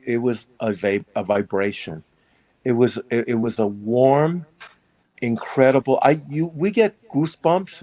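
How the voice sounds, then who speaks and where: A man's voice: medium pitch, a little mellow, no room sound, poor audio. A man who is a priest, telling his story in an interview in an earnest, reflective way.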